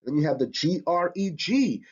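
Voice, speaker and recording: A man leads a spelling lesson with a husky, slightly raised voice that swings up and down constantly. He is energetic and emphatic, stretching out words to sound them out. The recording is dull and lo-fi. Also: a little high, moderate pace. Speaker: teacher.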